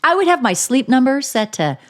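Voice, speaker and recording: Lively, crude-joking woman podcast host. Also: high voice, fairly quick. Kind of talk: casual chat.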